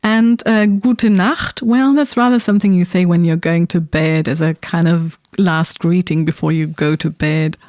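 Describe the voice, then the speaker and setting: A woman from Germany co-hosting a casual podcast, explaining things in a relaxed way. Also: fairly low pitch, moderate pace, hardly any pauses, dry recording, studio quality. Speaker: podcast co-host. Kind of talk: casual chat.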